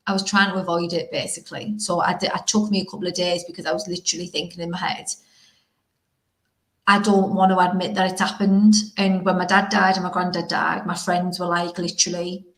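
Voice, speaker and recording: A woman's voice: on the low side, little pitch movement, brisk, fairly bright tone. A young woman hosting a podcast, talking frankly and emotionally in a rambling, casual way. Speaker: podcast host. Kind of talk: casual conversation. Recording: roomy echo.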